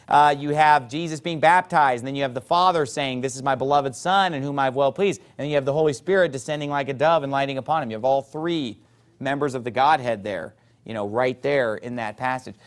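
A man preaching, quoting King James scripture and animatedly acting out the voices of people he argues with. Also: medium pitch. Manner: animated, acts out opponents' voices.

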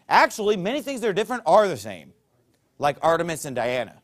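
Male preacher, sermon delivery, emphatic and conversational, very expressive pitch. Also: fast talker. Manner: emphatic, conversational, keeps checking in with the listeners.

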